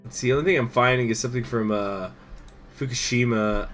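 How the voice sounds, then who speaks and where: A man's voice: medium pitch, a little fast, fairly bright tone, soft background music. A man hosting a gaming channel, giving loose, self-mocking commentary while he plays. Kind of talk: casual game commentary.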